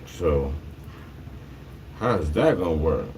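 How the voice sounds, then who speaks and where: Slow-talking man telling a story. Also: very deep voice, slight background noise. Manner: animated, swears freely, retells conversations. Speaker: livestream host. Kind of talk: casual profane storytelling.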